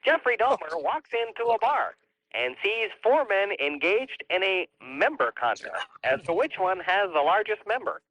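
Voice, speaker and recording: Man doing a high, sing-song nerdy hotline announcer, prim and recorded, through a muffled phone line. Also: big pitch swings, moderate pace, a bit bright, heavily acted. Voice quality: nerdy, nasal. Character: nerdy adult male joke-hotline recording voice.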